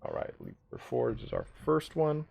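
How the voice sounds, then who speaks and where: A man's voice: fairly low pitch, huge pitch swings, normal speed, gravelly, a little mellow, breathy edge. A man hosting a live stream, chatting casually with viewers in a joking, profane way. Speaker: livestream host of a game league.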